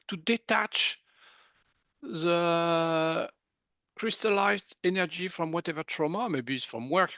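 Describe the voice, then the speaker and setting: A man with a French accent, a guest in an interview, talking in an animated, casual way and often laughing. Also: a little high, dry recording. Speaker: guest, medical intuitive.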